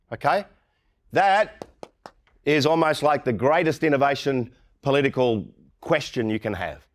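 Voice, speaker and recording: A middle-aged man with an Australian accent delivers a keynote in a blunt, irreverent way. His pitch sits in an ordinary middle range for a man. He keeps slipping into mocking impressions of colleagues. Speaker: keynote speaker. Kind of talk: conference keynote talk.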